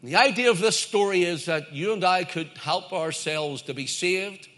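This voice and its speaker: Man, preacher, sermon, emphatic, repetitive, bright tone. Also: high-pitched, normal speed. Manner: emphatic and repetitive, building lists to a climax.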